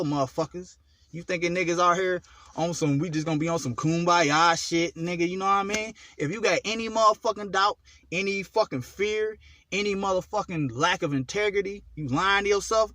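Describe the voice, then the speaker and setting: A man giving a profane self-help monologue about his own flaws, full of rhetorical questions, swinging between loud outbursts and low mutters. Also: no echo. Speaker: occult vlogger.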